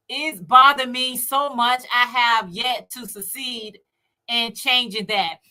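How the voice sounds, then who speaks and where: Chicago woman, relaxed unhurried livestream chat, bright voice, talks to viewers directly. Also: fairly high pitch. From United States. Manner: chatty, laughs often, talks to viewers directly. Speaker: co-host filling in on a livestream. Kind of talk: casual livestream chat, reading viewer comments.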